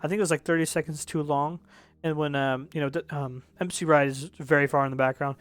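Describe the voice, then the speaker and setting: A man's voice: on the high side, fairly even intonation, normal speed, clean tone, no room sound. A man reviewing songs in casual commentary, rambling and correcting himself, with the odd swear word. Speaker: music reviewer.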